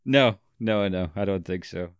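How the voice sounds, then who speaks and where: A man's voice: deep voice, measured pace, clear, resonant tone, no room sound, studio quality. A man co-hosting a podcast, telling rambling stories in casual chat and laughing through them. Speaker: podcast co-host.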